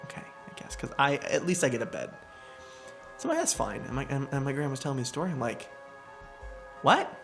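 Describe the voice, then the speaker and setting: Animated young man telling a story. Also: medium pitch, brisk, vocal fry, pauses often, soft background music. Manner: animated, laughing, acts out quotes. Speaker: podcast guest. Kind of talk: casual storytelling chat.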